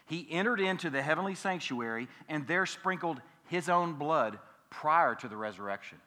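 A man preaching a sermon as pastor, emphatic, swinging between loud and hushed and repeating key phrases. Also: on the high side, animated, normal speed, in a large hall. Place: church sanctuary.

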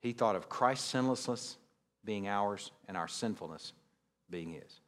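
A male pastor preaching a sermon, reading scripture and explaining it with casual, joking asides, his loudness swinging widely. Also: lowish voice, a little slow.

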